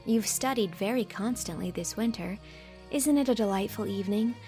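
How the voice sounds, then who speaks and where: A woman's voice: medium pitch, normal speed, warm tone, faint music behind, lightly acted. A woman reading the lines of an earnest, dreamy young student in an audiobook, her delivery emotional and often pleading. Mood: eager.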